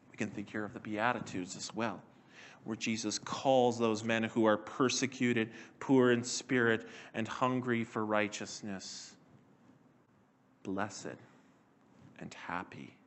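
A man preaching a sermon in a measured, earnest way, slowing and dropping his voice to stress key words. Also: medium pitch.

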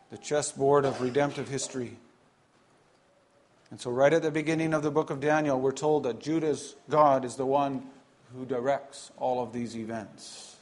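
A man delivers a sermon in a fairly high voice. He preaches earnestly and emphatically, pausing between phrases and now and then repeating a word.

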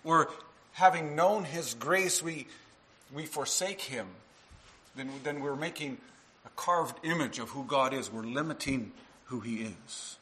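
A man preaching a sermon in a bright, forceful voice, pressing his congregation with rhetorical questions. His pitch sits in an ordinary middle range, and his voice at times drifts farther from the microphone. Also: unhurried, a little hiss or hum, rough recording. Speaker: minister.

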